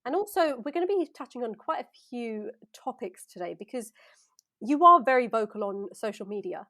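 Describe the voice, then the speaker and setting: A woman's voice: on the high side, animated, brisk, bright, forceful tone. A woman co-hosting a casual podcast, upbeat and laughing often, introducing a guest. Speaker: podcast co-host.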